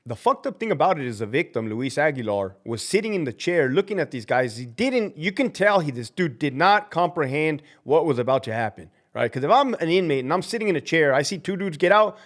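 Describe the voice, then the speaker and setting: With lively intonation and a fairly quick delivery that barely pauses, a man streams live as a prison guard, cursing and talking bluntly with plenty of fire. He acts out quoted people using big pitch jumps.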